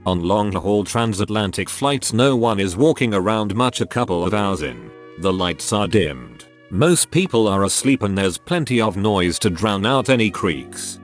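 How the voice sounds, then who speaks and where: Brief: low-voiced male narrator, lively delivery, wry asides, faint music underneath. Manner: wry, joking commentary between readings. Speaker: narrator reading online posts. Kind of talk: casual narration with jokey asides.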